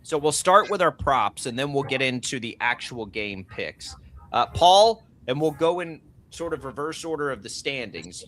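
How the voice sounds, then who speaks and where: A man hosting a sports radio show with a bright, forceful tone and a lively, swinging delivery. He runs the segment briskly and hands off to each panelist in turn. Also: medium pitch, a little hiss or hum. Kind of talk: casual radio sports chat.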